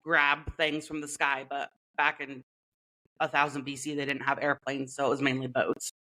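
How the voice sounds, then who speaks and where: A woman's voice: very deep voice, level tone, moderate pace, sharp tone, low-quality recording. A woman co-hosting a podcast in casual chat, playful and chatty, laughing often and leaning on "like". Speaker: podcast co-host.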